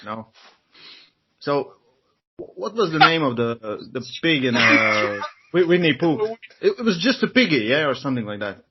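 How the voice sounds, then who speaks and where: A man with a Latvian accent, a non-native speaker, telling a joke on a podcast, halting and searching for words. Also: medium pitch, big pitch swings, heavy background noise. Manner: halting, searches for words, laughs while talking. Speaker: strength coach, co-host. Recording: muffled video-call audio.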